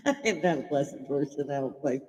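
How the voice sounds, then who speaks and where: A woman's voice: low-pitched, animated, brisk, dark tone. Older lady from chicago ranting on a stream, swears a lot, laughs constantly, big echo on the sound. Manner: blunt and profane, laughing often. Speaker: livestream host. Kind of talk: casual opinionated livestream chat.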